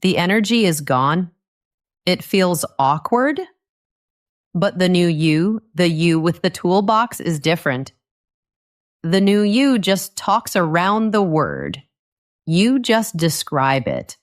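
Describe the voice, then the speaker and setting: A woman narrates an English lesson in a lowish voice with a lot of movement in her pitch. She keeps her sentences short and simple and comes back to the key phrases. Her pace stays slow and unhurried. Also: sing-song. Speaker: English teacher.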